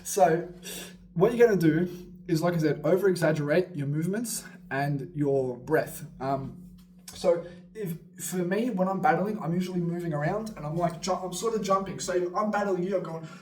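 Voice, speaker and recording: A man's voice: sits high, normal speed, a little hiss or hum. A man coaching beatboxers in a casual, rambling way, full of swearing and laughing asides, sometimes moving around as he talks. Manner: energetic, swearing, laughing asides, jumping around while talking.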